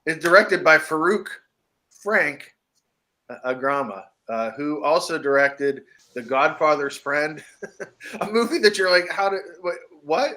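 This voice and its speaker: A man's voice: a little high, measured pace. An American man co-hosting a podcast, chatting casually and jokily about horror movies and laughing often. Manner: animated, jokey, laughs often. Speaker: podcast co-host.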